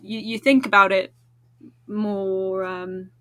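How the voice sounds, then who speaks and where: A woman's voice: medium pitch, level tone, slow, sharp tone, no room sound. A woman chatting as a podcast guest, bubbly and giggly. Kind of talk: casual podcast chat.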